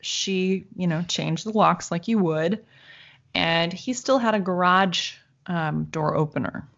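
A woman telling a long personal story in casual conversation, animated, laughing now and then and acting out the voices she quotes. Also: fairly low pitch, measured pace, gravelly. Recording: dull lo-fi sound.

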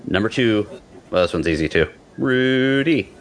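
Male podcast co-host, low voice, playful and easygoing. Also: a little fast, a bit bright. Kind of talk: casual chat.

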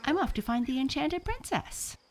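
Max, a woman doing a high sleepy critter. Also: big pitch swings, a little slow, gravelly, darkish tone, slight background noise, exaggerated voice.

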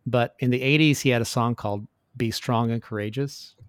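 A man's voice: mid-range voice, steady tone, moderate pace, clean tone, no room sound, studio quality. A middle-aged man speaking as a guest in a casual interview, telling his story in an earnest, reflective way. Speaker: podcast guest.

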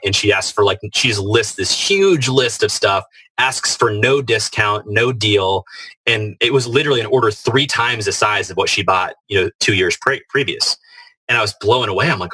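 A man tells a story as a podcast guest, earnest and halting. His voice sits low but bright, with a husky edge. The sound is dry and close. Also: dry recording, low-quality recording. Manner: earnest, many fillers and restarts. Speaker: guest, author.

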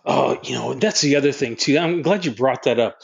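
A middle-aged man with an ordinary mid-range voice, co-hosting a laid-back podcast. He speaks easily and agreeably and often backs up his partner. He steers the talk toward the next topics in a calm way. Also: mid-range voice, a little fast, gravelly, highs cut off. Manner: easygoing, agreeable, laughs along. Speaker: podcast co-host. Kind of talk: casual chat.

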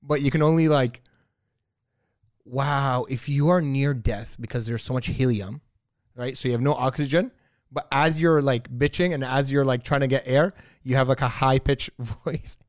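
A man co-hosting a podcast in casual banter, pitching his ideas with eager insistence. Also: moderate pace, dry recording, clean studio sound. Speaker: podcast co-host.

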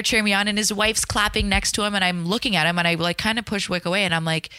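A woman from Canada tells a story on a podcast and acts out every quote with bounce. Her voice is bright and clear. The sound is dry and close. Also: mid-range voice, a little fast, hardly any pauses, no room sound. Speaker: podcast guest. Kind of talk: animated storytelling.

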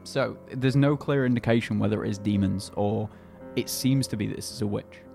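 A man's voice: fairly low pitch, a little fast, vocal fry, dark tone, soft background music. A man hosting a casual chat, telling a story in an easygoing, hesitant way. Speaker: podcast host telling the story.

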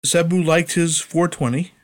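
A man's voice: a little high, steady tone, normal speed. A man co-hosting a podcast, telling old wrestling stories in casual chat and laughing along. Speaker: podcast co-host, former wrestler.

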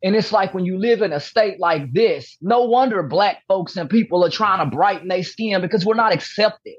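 A woman's voice: mid-range voice, moderate pace, breathy edge, no room sound, lo-fi sound. A woman giving a candid interview as a podcast guest, talking emphatically and repeating her key points. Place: room at home with posters behind.

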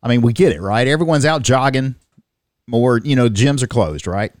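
A man's voice: medium pitch, expressive, moderate pace, darkish tone, no room sound, clean studio sound. A man co-hosting a comedic news podcast, reading headlines aloud and joking between them. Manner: jokey, reads headlines aloud, laughs often. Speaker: podcast co-host.

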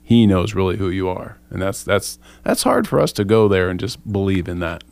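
Low, smooth-voiced man, casual Bible study chat, lively and self-mocking, dry close sound. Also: moderate pace, no echo. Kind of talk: casual group discussion.

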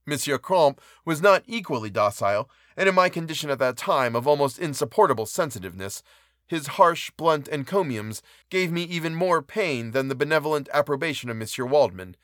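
A man reading a classic novel aloud in a measured, even narration. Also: fairly high pitch, no room sound, studio quality. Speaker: audiobook reader.

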